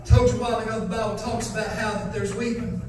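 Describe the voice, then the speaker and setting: A male evangelist preaching a fiery revival sermon, building to shouted, sing-song chanting. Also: sits high, little pitch movement, quick pace, slight background noise. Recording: echoey church hall from far off, faint music.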